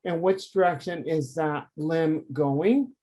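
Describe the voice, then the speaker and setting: A man who teaches anatomy for artists, talking through a drawing demonstration on a video call, lively and emphatic. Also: a little high, slow pace. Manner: animated, conversational, emphatic teaching. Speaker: anatomy art professor.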